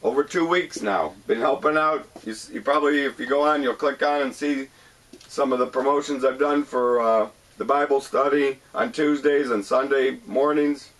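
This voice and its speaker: A man hosting his own show, talking about his experience in an earnest, halting monologue, often repeating himself. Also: medium pitch, a bit bright, far from the mic. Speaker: show host. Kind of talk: personal monologue to camera.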